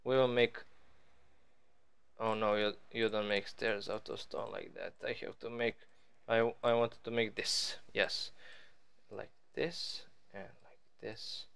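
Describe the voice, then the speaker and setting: Male gaming host, unhurried and clear, chatty and playful, pokes fun at himself while he builds. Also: on the low side, fairly even intonation, fairly bright tone. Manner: rambling, playful, self-mocking. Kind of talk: casual let's-play commentary.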